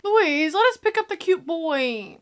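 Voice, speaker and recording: A sassy young woman gives excited reaction commentary on a movie. Her voice is high, bright and very lively. A little noise sits behind her. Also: unhurried. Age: young adult. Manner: sassy, excitable, talks back to the screen.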